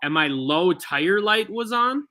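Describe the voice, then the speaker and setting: A man with a high, very bright voice, telling stories in loose podcast chat. He talks in a rambling, profane way, full of asides. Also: animated, slow pace. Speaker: podcast co-host. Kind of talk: casual chat.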